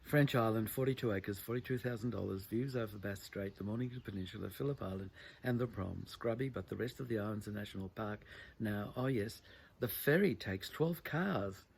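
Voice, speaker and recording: A man's voice: on the low side, a little fast, gravelly, a little hiss or hum. A man doing a chatty, proud estate agent. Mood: salesy. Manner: upbeat sales patter, upward inflection.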